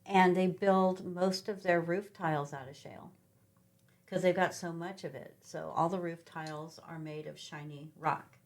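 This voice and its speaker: A middle-aged woman from Sacramento, California, guests on a podcast, telling loose, rambling travel anecdotes with animation and plenty of ums, fillers and restarts. Her register is low, her pace moderate, and the storytelling relaxed and conversational.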